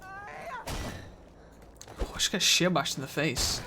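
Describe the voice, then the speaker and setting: A man's voice: fairly high pitch, slow, pauses often, background noise. Laid-back mumbly man streaming a game. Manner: laid-back, chuckles often, talks to chat. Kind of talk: live gameplay commentary chatting with viewers.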